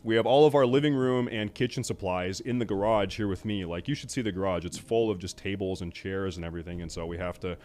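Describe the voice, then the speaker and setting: A young man with a somewhat low voice, talking casually to his stream chat. He swears freely and swings between tired grumbling and loud, exasperated outbursts. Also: quick pace, hardly any pauses. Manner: profane, exasperated, gets loud and animated.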